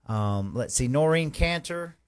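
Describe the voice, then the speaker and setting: A man hosting a live stream, giving folksy, rambling shout-outs to viewers. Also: on the high side, animated, measured pace, smooth. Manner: effusive, folksy, rambling with restarts.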